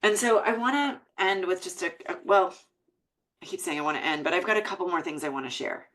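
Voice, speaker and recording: A woman's voice: lowish voice, brisk, a bit bright, rough recording. An American woman hosting a parenting podcast, speaking in an earnest, emotional monologue. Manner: earnest and emotional, reading quotes aloud. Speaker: podcast host.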